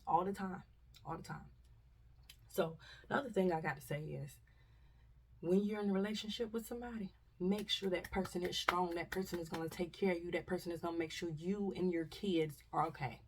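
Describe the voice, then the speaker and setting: A woman's voice: fairly low pitch, a little fast, far from the mic, slight background noise. A woman vlogger, telling a story casually and animatedly, acting out voices and dropping to whispers.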